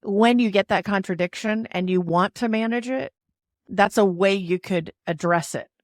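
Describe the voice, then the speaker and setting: A woman's voice: mid-range voice, moderate pace, dry recording, studio quality. A woman hosting a podcast, explaining ideas in a casual, playful way and leaning on emphasis. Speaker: podcast host.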